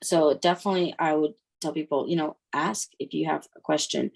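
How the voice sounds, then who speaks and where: A woman's voice: sits low, fairly quick, vocal fry. A woman from Ukraine, a guest in a casual interview, telling stories and acting out the voices of people she quotes. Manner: lively storytelling that acts out quoted voices. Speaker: guest, mother.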